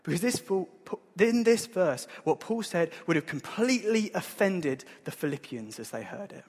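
A man preaching a sermon in an earnest, conversational way that builds to emphatic points. His voice is husky and sits a little high for a man. It rings with the long reverb of a church hall. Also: lively intonation, moderate pace, a little mellow. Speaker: pastor.

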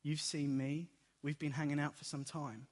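A man preaching a sermon, telling the story in a lively way and acting out the dialogue. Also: a little high, moderate pace. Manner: animated storytelling, acts out dialogue. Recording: long hall reverb.

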